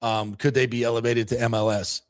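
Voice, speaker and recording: A man's voice: mid-range voice, little pitch movement, fairly quick, no room sound. A man hosting a sports talk show, chatting casually and rambling with frequent fillers. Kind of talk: casual sports radio chat.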